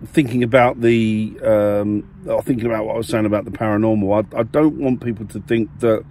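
Rambling low-voiced man vlogging from a car. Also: steady tone, a little fast, mellow, a little hiss or hum. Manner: rambling, self-correcting, friendly. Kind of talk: casual vlog to camera. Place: parked car.

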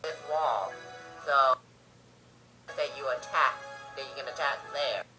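A player giving casual commentary on a strategy game and shouting excitedly at the action on screen. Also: medium pitch, slow pace, low-quality recording. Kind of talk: gaming commentary. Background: game music.

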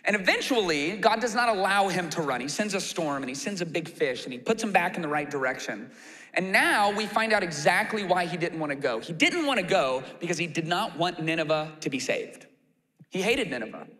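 Lively, high-voiced pastor preaching in a hall. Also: male voice, a little fast. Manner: animated, acts out quoted complaints in a raised voice. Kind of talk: sermon. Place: church auditorium.

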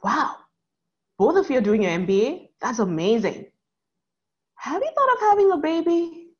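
A woman's voice: high voice, big pitch swings, moderate pace, highs cut off, voice pushed up. Woman doing a nosy chatty plane passenger. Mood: curious. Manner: inquisitive, chatty. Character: chatty smiling middle-aged woman on a plane.

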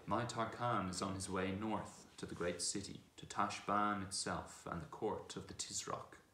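A man voicing a proud, brisk male talking war horse who speaks with scorn and command. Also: low voice, steady tone, pushed and bright, a little hiss or hum. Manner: brisk, commanding, contemptuous at times. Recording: echoey room.

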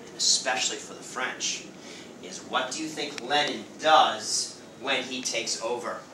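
A man teaching a high school history class, lively and playful, acting out quick voices for the people in his story. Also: background noise. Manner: lively, acts out quick voices of nations and leaders. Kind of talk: classroom lecture. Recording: roomy classroom sound from far off.

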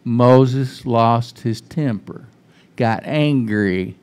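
A pastor speaks in a church sanctuary with a mid-range, darkish voice, drawing out his words. His sermon feels casual and conversational, with frequent restarted sentences and questions aimed at the congregation.

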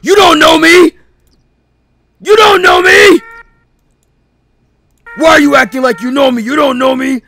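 A man doing a shouting hot-headed gangster. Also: very high voice, steady tone, unhurried, vocal fry, long pauses, pitched above the performer's own voice, exaggerated voice. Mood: furious. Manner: shouting, furious, defensive. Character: hot-headed masked male gangster kidnapper.

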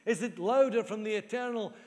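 Male pastor, high voice, earnest repetitive sermon delivery, long church-hall reverb. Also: brisk, a little mellow. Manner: earnest, repeats key phrases for emphasis.

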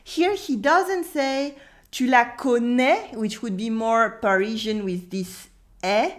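Woman, from France, French teacher, fairly high voice, scripted lesson narration, slow modelled pronunciations.

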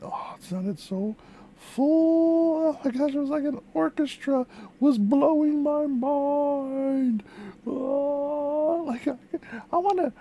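A woman voicing an excitable female puppet who hosts a music reaction vlog, gushing and exclaiming with lots of repeated words. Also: high-pitched. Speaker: reaction video host.

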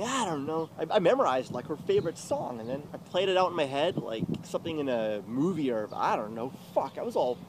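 A young man swearing his way through an agitated, confessional rant, getting loud and then going quiet. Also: on the high side, sing-song, fairly quick, few pauses. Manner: profane, agitated, swings loud and soft. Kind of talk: ranting confessional monologue. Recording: loud street noise outdoors.

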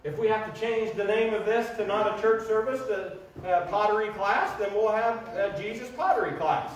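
High-voiced preacher in an echoey church. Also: male voice, moderate pace, lo-fi sound. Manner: folksy, humorous, animated preaching. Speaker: pastor. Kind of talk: sermon. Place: church sanctuary. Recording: very echoey church room from a distant mic, faint noise.

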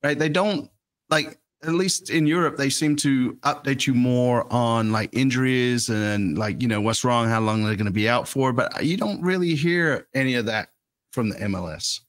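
A man's voice: medium pitch, moderate pace. A man co-hosting a casual football fan show, rambling in a laid-back, dismissive way. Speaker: co-host.

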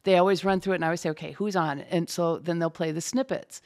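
A woman with a low, gravelly voice chats in a relaxed interview, telling stories about her work with lively energy. She talks quickly when excited and keeps a conversational flow. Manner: chatty, animated storyteller. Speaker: closed captioner, guest. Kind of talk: casual interview talk.

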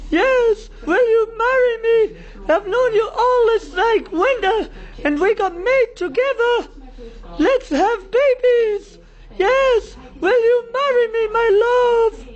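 A woman voicing a lovesick male snowman hunting for his sweetheart, whiny and excitable, in a homemade toy play. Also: extremely high pitch, slow pace. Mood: excited, loving. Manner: whiny, excitable, chattering to toys. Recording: dull lo-fi home video.

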